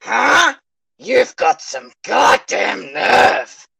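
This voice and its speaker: A man gives voice to a hot-headed teenage boy in a fan audio drama, all curses and barked orders. The voice is rough and gravelly with a harsh, bright edge and a breathy rasp. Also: sits high, big pitch swings, normal speed, no room sound, heavily acted. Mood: furious. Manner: shouting, cursing, barking commands.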